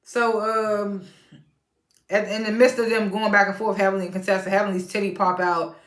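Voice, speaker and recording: A woman's voice: medium pitch, level tone, moderate pace. A woman hosting a casual recap of a reality show, chatty and laughing often as she retells the scenes. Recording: roomy echo.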